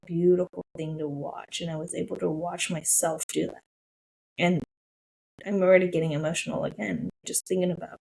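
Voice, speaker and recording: Gravelly-voiced woman sharing a personal story. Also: lowish voice, a little mellow, low-quality recording. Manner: emotional, gushing, with lots of "I was like". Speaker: podcast host. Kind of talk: casual solo podcast storytelling.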